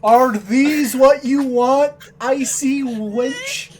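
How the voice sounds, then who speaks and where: A woman voicing a fussy male halfling shopkeeper who speaks in a drawn-out, exclaiming way. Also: high voice, a little mellow, a little hiss or hum, pitched above the performer's own voice. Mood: mocking.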